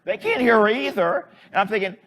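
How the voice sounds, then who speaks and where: A man's voice: high-pitched, big pitch swings, brisk, fairly bright tone. A man, a priest, telling a story in a homily in a folksy, conversational way.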